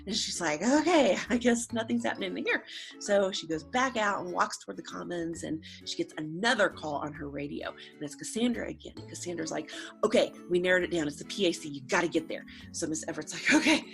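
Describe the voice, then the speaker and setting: A woman's voice: lowish voice, fairly quick, gravelly, faint music behind. A woman telling a lighthearted story to students in a casual, chatty way, acting out quotes with "she's like". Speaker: school staff storyteller.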